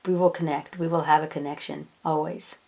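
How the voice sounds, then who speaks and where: Soft-spoken woman relaying messages, lowish gravelly voice, repeats herself a lot. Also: fairly even intonation, fairly quick, rough recording. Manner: soft, repeats words, quotes others. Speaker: hypnosis practitioner. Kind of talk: gentle relaying of channeled messages.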